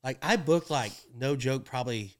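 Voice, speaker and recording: A young man casually telling stories about his rodeo work, animated and often laughing as he acts out what people said. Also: mid-range voice, moderate pace. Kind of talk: casual storytelling chat.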